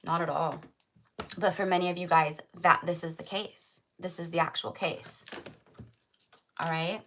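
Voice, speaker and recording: A woman's voice: lowish voice, fairly even intonation, unhurried, sharp tone, slight background noise. A woman giving a casual tarot reading to camera, rambling and filling her talk with "like" and "right?". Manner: chatty, rambling, full of "like" and "right?". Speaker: tarot reader.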